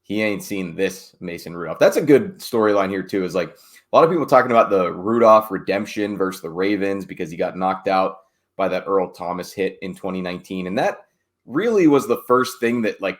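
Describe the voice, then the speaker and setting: A man's voice: low-pitched, normal speed. A man, a team beat reporter, chatting casually on a sports podcast with wry, digressive asides.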